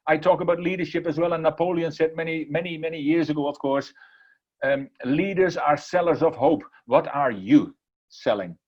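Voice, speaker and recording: A man's voice: fairly high pitch, fairly quick, darkish tone, muffled recording. A man giving an inspirational talk, repeating phrases earnestly and then telling a parable. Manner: earnest, repetitive, emphatic. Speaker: motivational speaker.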